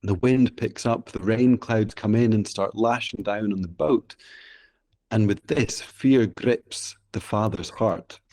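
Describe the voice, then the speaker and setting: A man's voice: lowish voice, takes it slowly, dark tone. A man from Scotland with a Scottish accent, telling a traditional tale in an interview, vivid and rhythmic, repeating phrases for effect. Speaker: storyteller guest. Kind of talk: oral storytelling in an interview.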